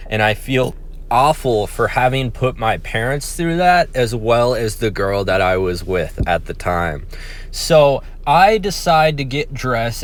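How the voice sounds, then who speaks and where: A young man telling an embarrassing personal story in a casual vlog, candid, profane and self-deprecating. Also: on the low side. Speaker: vlogger.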